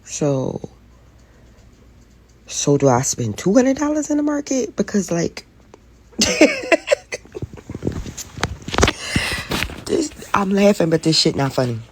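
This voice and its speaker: A woman's voice: lowish voice, big pitch swings, measured pace, darkish tone, a little hiss or hum. A woman venting to camera in a weary, profane way about being tired of adult life.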